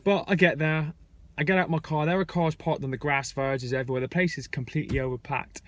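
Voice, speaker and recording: Young guy ranting to camera, kinda high voice, frank and chatty. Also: fairly even intonation, a little fast, no echo. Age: young adult. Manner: conversational, frank, storytelling. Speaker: vlogger. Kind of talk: casual spoken rant. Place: airport terminal.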